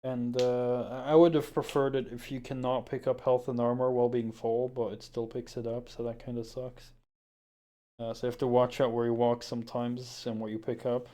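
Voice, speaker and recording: A man's voice: mid-range voice, little pitch movement, normal speed, dark tone. A man streaming a game, chatting casually as he wraps up, rambling and hesitant with many fillers. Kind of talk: casual stream sign-off chat.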